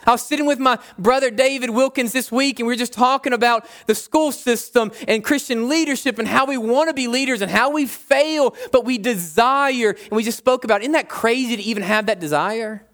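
A young pastor delivers a sermon with a high, light voice. He talks in a loose, conversational way and hammers home repeated phrases. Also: a little fast, few pauses, a bit bright.

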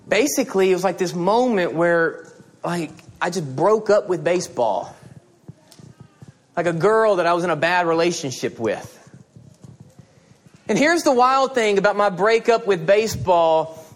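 A middle-aged male pastor delivering a sermon in a high, light voice. He tells stories with energy and acts out the conversations in them. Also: slight background noise. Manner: animated storytelling, acting out dialogue.

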